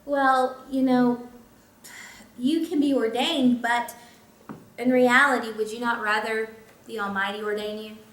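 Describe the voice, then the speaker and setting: A woman's voice: fairly high pitch, fairly even intonation, a little slow, long pauses, a bit bright. A woman pastor teaching scripture in a conversational way, with chatty asides. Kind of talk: Bible teaching. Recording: echoey room, mic at a distance, faint noise.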